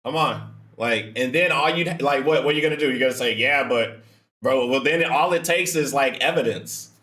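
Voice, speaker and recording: A man hosting a reaction video, talking in excitable, profane, laughing banter. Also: medium pitch, a little fast, roomy sound. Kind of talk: casual reaction commentary.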